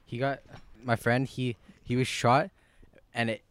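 A man co-hosting a podcast, telling stories in a halting way with frequent restarts in casual chat. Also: mid-range voice, flat delivery, fairly bright tone. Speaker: podcast co-host. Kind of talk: casual chat among friends.

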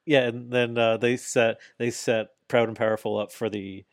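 A man's voice: mid-range voice, little pitch movement, moderate pace, no echo, clean studio sound. A man in casual podcast chat, animatedly retelling events, acting out quotes, swearing now and then. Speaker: podcast co-host. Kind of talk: casual chat recapping wrestling.

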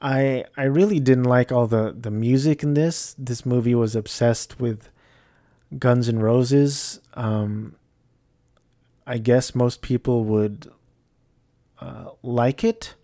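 A man's voice: mid-range voice, fairly even intonation, slow, mellow, dry recording, clean studio sound. A man giving a casual, rambling movie review, hesitant and self-deprecating.

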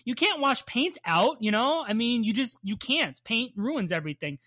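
Podcast co-host, bright voice, rambling, jokey, casual swearing, dry close sound. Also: medium pitch, expressive, moderate pace, no echo. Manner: laughs often and plays up bits. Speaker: podcast co-host recapping a cartoon.

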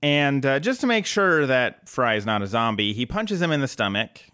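A man's voice: medium pitch, big pitch swings, moderate pace, bright, forceful tone, clear, resonant tone, no room sound. A man co-hosting a podcast, recapping an episode in casual chat with dry jokes. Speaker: podcast co-host.

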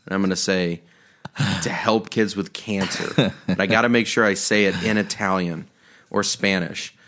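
Low-voiced young man, joking storyteller. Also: fairly even intonation, moderate pace, fairly bright tone. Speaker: podcast co-host. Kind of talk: casual chat. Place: room at home.

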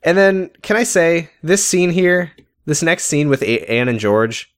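A man chatting casually as co-host of a recap podcast, his pitch swinging widely as he goes. He keeps dropping into a lower voice to act out lines from scenes. His delivery is animated and conversational. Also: a little slow.

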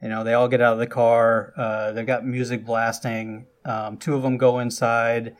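Man, middle pitch, casual film recap, chatty, loose asides, lively bursts, podcast host. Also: normal speed.

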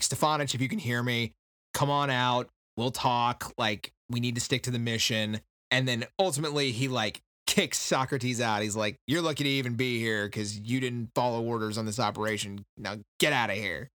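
A man co-hosting a podcast, recapping a book in casual chat and slipping into quick voices for the characters. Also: mid-range voice, pushed and bright, no room sound, studio quality. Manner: loose, joking, quotes characters in quick impressions.

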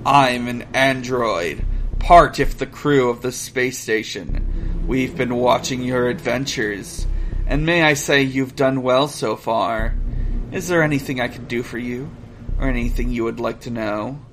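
A man voicing a polite male android crewman in a measured, formal way. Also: mid-range voice, a bit bright, slight background noise, close to an everyday voice. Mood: calm.

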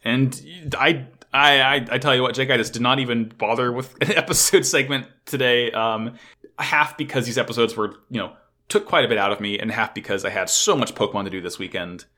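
A podcast co-host recaps an anime episode in excitable, swear-heavy casual chat, acting out the characters' lines. His voice sits at a medium pitch and moves a little fast.

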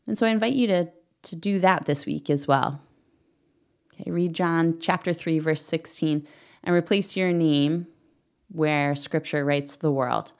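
Low-pitched middle-aged woman, podcast host; earnest, gentle prayer and teaching read. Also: a little slow.

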